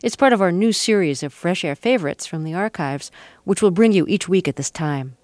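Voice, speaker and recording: A woman's voice: on the low side, animated, a little mellow, dry recording. A woman hosting a radio interview, reading a scripted introduction and asking questions with slight stammers. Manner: measured, plainly read intro, halting stammer on questions. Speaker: radio host. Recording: dry studio radio mic.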